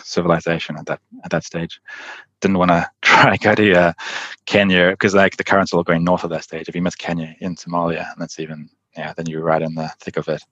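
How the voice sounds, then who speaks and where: A man's voice: low-pitched, fairly bright tone, no room sound, muffled recording. A man guest telling adventure stories in a casual interview, rambling with lots of "like" and laughing often. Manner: fast, laughing, rambling with many "like"s. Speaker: endurance athlete guest.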